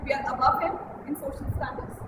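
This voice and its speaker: A woman speaks in a very high voice, earnest and measured as she gives a prepared speech. She is heard from across a reverberant meeting room. Heavy background hiss and traffic sit under her voice. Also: fairly even intonation. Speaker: club member giving a prepared speech. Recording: echoey distant room recording with loud ambient hiss.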